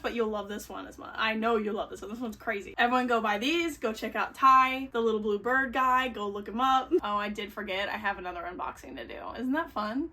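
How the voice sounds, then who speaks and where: A young woman, chatting on a home book vlog in a gushing, excitable way, gasping and squealing. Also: on the high side, distant mic. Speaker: book vlogger. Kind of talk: casual vlog chat.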